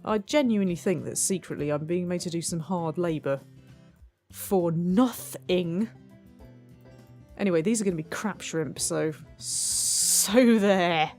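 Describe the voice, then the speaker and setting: A woman's voice: fairly low pitch, quick pace, hardly any pauses, warm tone, soft background music. Chatty woman narrating gameplay. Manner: chatty, self-mocking, talks to herself. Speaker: let's play host. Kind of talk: gameplay commentary.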